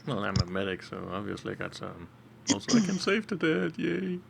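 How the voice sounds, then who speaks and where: A man's voice: lowish voice, very animated, brisk, gravelly, a loud crowd. A man playing a tabletop game over a call, joking and teasing the others. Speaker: player, medic character. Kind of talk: casual chat over voice call.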